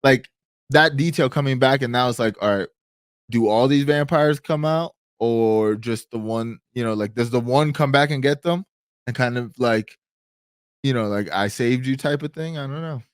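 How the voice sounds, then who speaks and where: A man's voice: mid-range voice, normal speed, clear, resonant tone, no echo, studio quality. A man co-hosting a reaction show, chatting in a laid-back, casual way. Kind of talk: casual chat.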